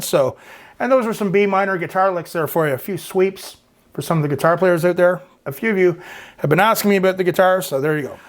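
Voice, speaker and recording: Chatty Canadian man in his fifties. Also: fairly high pitch. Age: 50s. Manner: rambling, chatty, frequent filler words. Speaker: YouTube host. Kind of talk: casual chat reading viewer comments.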